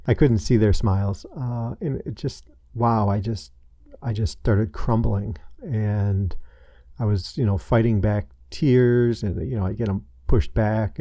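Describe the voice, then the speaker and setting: Halting man, dark low voice. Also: no room sound. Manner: halting, many restarts and fillers, emotional. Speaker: podcast host. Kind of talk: personal confessional monologue.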